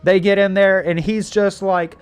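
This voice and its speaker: Man, casual plot recap, slightly high voice, animated, fillers and restarts. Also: normal speed, clear, resonant tone, soft background music. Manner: animated, acts out scenes, many fillers and restarts. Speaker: show recap host.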